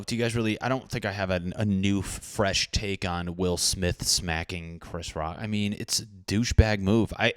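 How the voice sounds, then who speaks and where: A man's voice: low-pitched, dry recording. A man hosting his own podcast, talking in a rambling, profane, jokey way. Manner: profane, rambling, puts on comic voices. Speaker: podcast host. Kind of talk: solo podcast rant.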